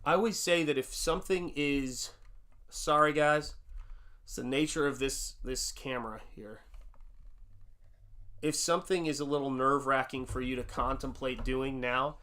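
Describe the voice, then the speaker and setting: A man's voice: fairly high pitch, fairly bright tone. A middle-aged man from the United States hosting a casual live stream, chatting and reading viewer comments while he paints, rambling with restarts in a chummy way. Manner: rambling, restarts, reads chat aloud, chummy. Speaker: livestream host painting and chatting.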